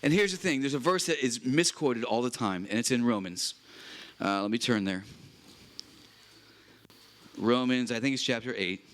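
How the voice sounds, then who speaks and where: A man's voice: medium pitch, normal speed, long pauses, a bit bright. Earnest man preaching a sermon. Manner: earnest, emphatic preaching with repeated phrases. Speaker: pastor. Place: chapel at a retreat.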